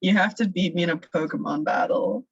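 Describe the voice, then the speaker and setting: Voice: mid-range voice, fairly quick, breathy edge, no echo. A young adult being interviewed, chatting casually and hesitantly, with lots of fillers. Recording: dull, dry recording.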